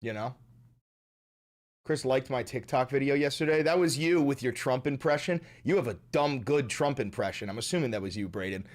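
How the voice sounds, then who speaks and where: A man's voice: mid-range voice, normal speed. A man hosting a livestream, chatting loosely and profanely while reading viewer messages aloud. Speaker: livestream host. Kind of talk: casual stream chat.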